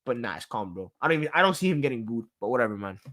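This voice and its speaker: A man's voice: medium pitch, very animated, racing, a bit bright, dry recording. A man hosting a sports talk show, ranting in exasperation, repeating himself and trailing off into mutters. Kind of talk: casual sports rant.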